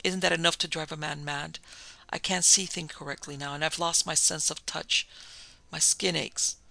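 A man's voice: on the high side, fairly even intonation, moderate pace, creaky, bright, forceful tone, no echo, full character voice, low-quality recording. A man reading the part of a sleepless man near breaking point, pleading desperately.

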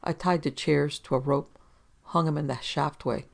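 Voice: medium pitch, fairly even intonation, normal speed, vocal fry, natural voice. A reader doing an innocent lab assistant. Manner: innocent, plain.

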